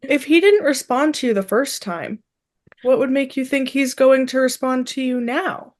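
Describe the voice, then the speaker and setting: A chatty young woman with a higher voice co-hosts a podcast, talking at a moderate pace in casual conversation. She tells stories with animation, performing the quoted lines.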